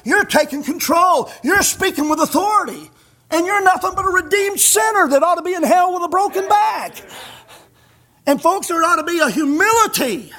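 A male pastor preaching a fiery sermon, emphatic and scolding, rising to shouts. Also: extremely high pitch.

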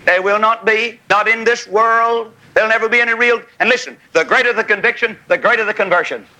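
Man, revival preacher, high voice, very bright and piercing, folksy, fiery. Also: a little fast, low-quality recording. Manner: fiery, folksy, loud preaching with shouted peaks. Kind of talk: revival tent sermon. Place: revival tent with a congregation. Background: congregation calling amen.

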